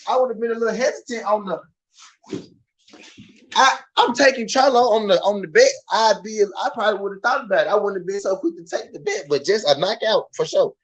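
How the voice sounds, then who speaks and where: A man with a Southern US accent hosting a casual live boxing chat, animated and repetitive, swinging from muttering to loud outbursts. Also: high voice. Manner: animated, swings from muttered to shouted, laughs often, repeats himself. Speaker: boxing show host.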